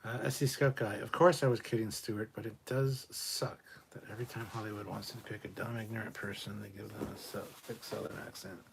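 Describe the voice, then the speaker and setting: A man's voice: lowish voice, fairly even intonation, fairly quick, gravelly, a little hiss or hum. A man hosting a casual live stream, reading viewer questions aloud and answering them bluntly, with plenty of swearing and muttered asides.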